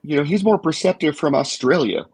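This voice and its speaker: A man on a podcast speaking haltingly, with many fillers, in casual chat. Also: fairly high pitch, a little mellow, slightly rough, dry recording.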